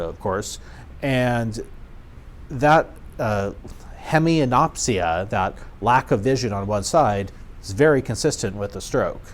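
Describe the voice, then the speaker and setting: A man's voice: medium pitch, a little mellow. A man teaching field medics how to recognize stroke in a conversational lecture, upbeat and plain-spoken, with occasional fillers and wry asides. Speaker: EMS physician instructor. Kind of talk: training lecture.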